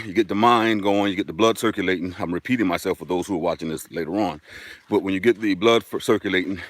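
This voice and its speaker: A man's voice: on the low side, dry recording. A man hosting a casual live stream outdoors, chatting upbeat and directly to his viewers while walking a dirt road.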